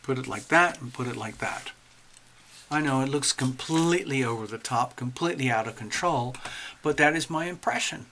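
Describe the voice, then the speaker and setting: A man's voice: mid-range voice, normal speed, pushed and bright, slight background noise. A man hosting a casual astrology livestream, chatting animatedly to viewers while drawing charts.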